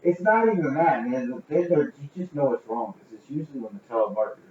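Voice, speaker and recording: Fast-talking teasing man, off mic. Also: mid-range voice, animated, slight background noise. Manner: teasing, needling, blunt. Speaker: podcast co-host. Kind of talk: casual chat. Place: home garage. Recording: distant in an echoey garage, lo-fi.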